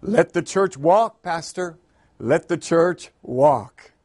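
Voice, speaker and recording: A man plays an excitable church deacon who shouts back in high, stretched-out calls. He draws each word out slowly. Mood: sheepish.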